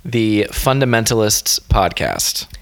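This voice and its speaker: Man, comedian host, somewhat low voice, loose and jokey, rambles. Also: sing-song, slow pace, creaky, fairly bright tone. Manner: jokey, rambling, self-deprecating. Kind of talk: casual podcast chat.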